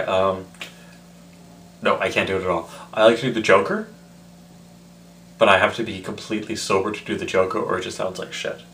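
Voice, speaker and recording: A man's voice: on the low side, pushed and bright, slight background noise. A tipsy man rambling in a casual, self-mocking vlog. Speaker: vlogger.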